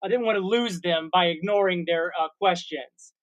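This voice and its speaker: A man's voice: sits high, normal speed, dull audio. A man in his forties, co-hosting a casual comedy podcast, telling a long rambling story with made-up sound words. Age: 40s. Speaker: co-host.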